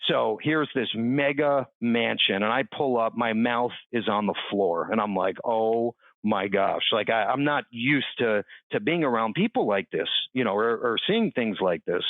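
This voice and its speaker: Animated male storyteller on a tinny line. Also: medium pitch, moderate pace, few pauses, dry recording. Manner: animated storyteller, acts out quoted people. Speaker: interview guest. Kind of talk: storytelling in a podcast interview. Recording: dry, tinny phone-like line.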